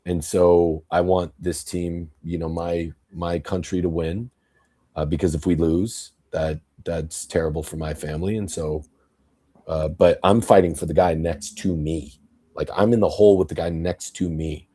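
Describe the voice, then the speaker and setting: Man, low husky voice, blunt profane podcast ranter who acts out quotes. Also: steady tone, moderate pace, mellow. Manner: blunt, profane, rambling political rant; tells stories with acted quotes. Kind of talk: casual podcast talk.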